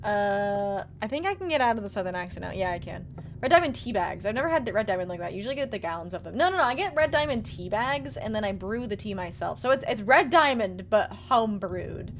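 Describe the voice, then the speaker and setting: Young Midwestern woman streamer, chatty, drawling southern twang, bouncy pitch. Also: lively intonation, quick pace, slight background noise. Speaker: VTuber streamer. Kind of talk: casual gameplay chat, reading chat aloud.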